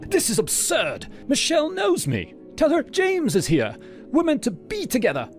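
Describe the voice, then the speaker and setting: A posh, entitled British stalker who bursts into shrill, high-pitched protest, as a male narrator puts him on. His voice is pitched far above the narrator's, and clear music plays underneath the storybook reading. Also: huge pitch swings, normal speed, exaggerated voice. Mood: outraged.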